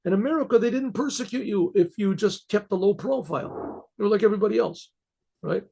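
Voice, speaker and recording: Gravelly, halting rabbi telling a story. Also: male voice, sits high, warm tone. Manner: halting, many restarts and fillers, clears throat often. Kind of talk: casual spoken storytelling.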